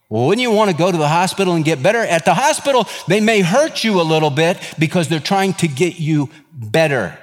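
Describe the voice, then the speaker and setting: Male pastor, sermon, slightly high voice, conversational with joking asides, recorded in a reverberant church hall. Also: animated, a little fast, hardly any pauses. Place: church sanctuary. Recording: long reverb of a large hall.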